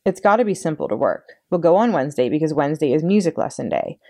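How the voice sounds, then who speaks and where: A woman's voice: low-pitched, expressive, fast, darkish tone. A woman doing a prim, bossy older sister. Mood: planning. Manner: precise, correcting, self-assured.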